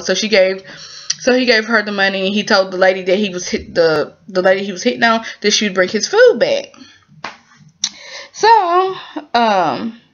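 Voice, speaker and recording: A woman giving a casual spoken recap of a drama episode, chatty and animated, with lots of fillers and quick asides. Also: mid-range voice, dull audio.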